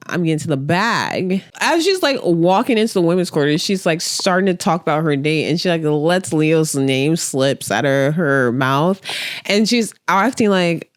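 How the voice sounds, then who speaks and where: A woman's voice: low-pitched, smooth, dry recording, studio quality. A woman reviewing a TV show in casual chat, talking bluntly and chattily, full of fillers and the odd swear word.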